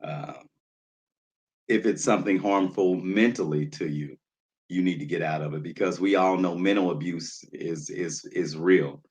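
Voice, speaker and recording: Speaking in a low, slightly mellow voice without hurrying, this livestream host sounds jittery and nervous. He keeps his casual stream loose, leans on plenty of fillers, and calls out chat viewers by name.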